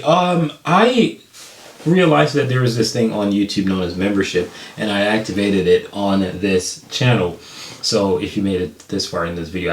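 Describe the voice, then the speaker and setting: American dude doing reaction commentary, kinda low voice, roomy echo, gets hyped and laughs a lot. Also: male voice. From United States. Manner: excitable, laughing, slangy, jumps high in pitch when excited. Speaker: reaction video host.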